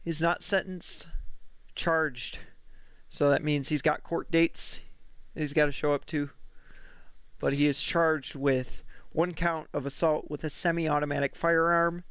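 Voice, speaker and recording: Podcast co-host guy, kinda high gravelly voice, swears a lot, rambling casual chat, dry sound. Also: level tone, unhurried, fairly bright tone, no echo. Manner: loose, profane storytelling with lots of fillers.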